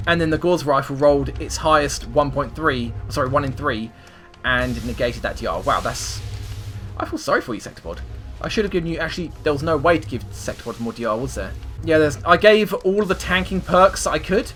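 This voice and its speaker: A man hosting a gaming video, swinging between loud swearing outbursts and rambling explanations as he plays. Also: on the high side. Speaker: gaming channel host. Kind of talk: excitable gameplay commentary.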